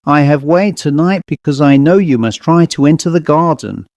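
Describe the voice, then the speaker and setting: A man's voice: on the high side, expressive, normal speed, a little mellow, dry recording. A man voicing a grave, insistent head waiter with a French accent. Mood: earnest.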